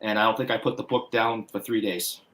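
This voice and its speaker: A man's voice: lowish voice, steady tone, fairly quick, fairly bright tone. Male guest, Boston accent, meandering storyteller, casual livestream chat. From Massachusetts. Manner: rambling anecdotal storytelling with restarts.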